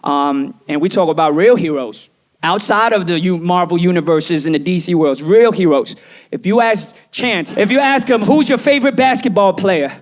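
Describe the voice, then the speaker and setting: A man doing live stand-up comedy for a small audience, playful and animated, often slipping into quoted voices. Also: high voice, normal speed.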